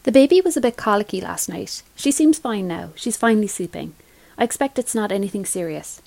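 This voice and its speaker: A woman's voice: mid-range voice, expressive, fairly quick, vocal fry, a little mellow, no room sound. A woman voicing a cheerful, teasing sister and new mother with a playful, chirpy way of talking.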